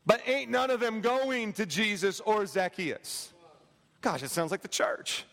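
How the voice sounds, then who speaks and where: A man preaching a sermon as pastor, animated and joking with his congregation, acting out voices. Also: sits high, a little slow. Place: large church hall. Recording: echoey church hall.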